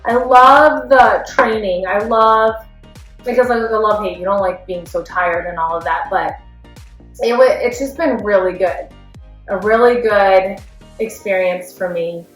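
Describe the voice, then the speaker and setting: In an echoey room with faint music playing, a woman in her thirties who coaches running speaks a little slowly at medium pitch, her tone a bit bright. This candid personal vlog finds her rambling and heartfelt, with lots of fillers.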